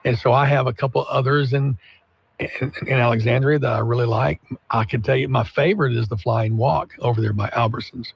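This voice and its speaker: A man's voice: mid-range voice, fairly even intonation, fairly quick, creaky, a little hiss or hum. A man co-hosting a talk radio show, chatting casually and telling stories with laughs and acted-out voices. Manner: storytelling, laughs often, acts out quoted people. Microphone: studio microphone. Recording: slightly dull, dry studio broadcast audio.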